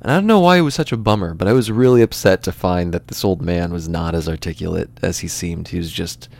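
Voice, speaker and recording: A man's voice: deep voice, quick pace, vocal fry, darkish tone. A man in his late twenties hosting a podcast, telling rambling, self-deprecating comedic stories full of absurd tangents. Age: late 20s. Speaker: podcast host.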